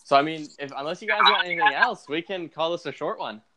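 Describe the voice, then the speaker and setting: A young man hosts a laid-back hockey podcast with a slightly high voice. He rambles along, chatty and loose, circling back on himself with plenty of fillers. The tone is easygoing conversation between friends. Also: fast, bright, forceful tone. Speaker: podcast host. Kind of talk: casual hockey podcast chat.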